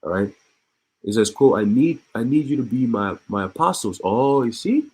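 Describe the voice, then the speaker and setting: A man's voice: medium pitch, animated, moderate pace, a little mellow, slightly rough, poor audio. A man reading news aloud and adding his own commentary, stopping often to laugh or repeat himself. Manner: reads news aloud and breaks off with laughs and asides; repeats and restarts words. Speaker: online commentator.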